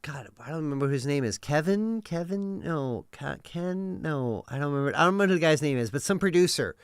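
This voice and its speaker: A man in his thirties rambles through a casual live-stream chat, cursing freely and tossing in plenty of likes and uhs. His voice swings widely up and down in pitch as he talks. The sound is dry, with no room echo. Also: a little fast, clear, resonant tone. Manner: rambling, animated, swears freely, many fillers.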